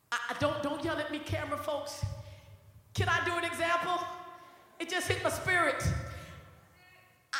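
A woman's voice: sits high, sharp tone. A woman pastor preaching a sermon to her congregation, often stammering and restarting as she talks straight to them. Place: church. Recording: echoey church hall with long reverb.

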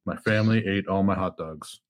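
A man's voice: low-pitched, fairly quick. A man speaking bluntly and swearing in a casual podcast chat. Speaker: podcast guest.

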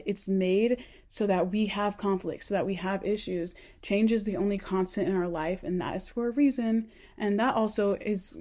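A woman's voice: medium pitch, mellow. A young adult woman giving an earnest, rambling self-help monologue to camera, full of "like" fillers. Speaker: vlogger.

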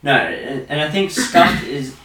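A man's voice: fairly high pitch, measured pace, distant mic. Sweary young Australian man, off-mic. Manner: crude, animated rants full of swearing. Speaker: podcast co-host. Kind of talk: casual podcast chat. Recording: echoey room, off-mic.

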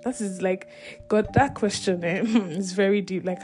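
A woman's voice: mid-range voice, moderate pace, darkish tone, soft background music. A woman leading a Bible study, retelling a scripture story in a chatty way, laughing often and filling with "you know".

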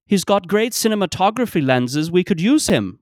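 An overexcited male indie filmmaker, put on by a man, pitches his idea in a much higher, louder voice with an odd, altered tone. The sound is close and dry, with no room behind it. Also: very animated, normal speed, no echo. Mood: eager. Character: eager male low-budget indie filmmaker.

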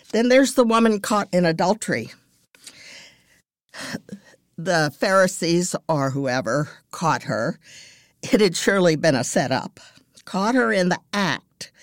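Slow, gravelly-voiced woman teaching scripture. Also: fairly low pitch, dry recording, clean studio sound. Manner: earnest, measured storytelling. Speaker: podcast host and Bible teacher. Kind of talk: devotional Bible teaching.

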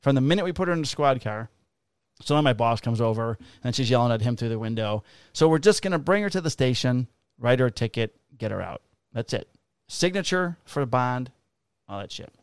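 A man who works as a police officer tells a rowdy story from the job in casual conversation. His voice is smooth and clear and sits at a middle pitch, recorded close and dry. He swears freely and slips into the voices of the people in the story. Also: no room sound. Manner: profane, animated, acts out voices in quotes.

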